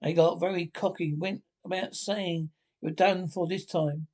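A man voicing a sensible, earnest male water rat in a storybook reading, telling things slowly and emphatically. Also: sits high, fairly even intonation, a little mellow. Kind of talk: storybook character voice.

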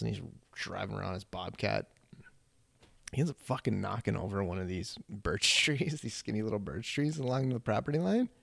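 Gravelly low-voiced man telling a story. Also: no echo. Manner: rambling, profane, many "like" fillers. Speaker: podcast guest. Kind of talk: casual storytelling.

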